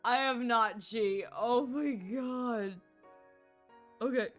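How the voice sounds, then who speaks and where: A woman's voice: on the high side, very slow, long pauses, soft background music. A woman streaming a game, laughing hard and squealing through casual commentary.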